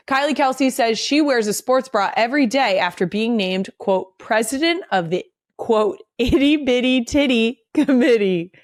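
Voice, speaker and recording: A woman's voice: a little high, moderate pace, few pauses, dry recording, studio quality. Blunt, swearing woman podcast host. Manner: blunt, swears freely, animated when reading segments. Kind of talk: casual podcast chat.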